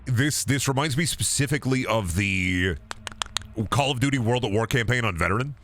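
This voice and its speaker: Bright-voiced, foul-mouthed male streamer. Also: mid-range voice, lively intonation, moderate pace, a little hiss or hum. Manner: crude, rambling, joking with lots of swearing. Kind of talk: casual gaming stream chatter.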